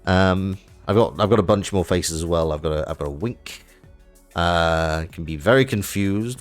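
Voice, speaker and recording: A man's voice: sits low, normal speed, soft background music. A man chatting casually on a live stream while playing a card game, self-mocking and trailing off with fillers.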